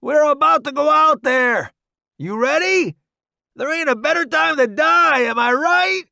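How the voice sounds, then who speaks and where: Man voicing brash soldier buddy, hollering, high-pitched, dry close sound, audiobook. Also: expressive, measured pace, vocal fry, sharp tone, no echo, exaggerated voice. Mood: rowdy. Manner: hollering, cocky. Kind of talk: audiobook character voice.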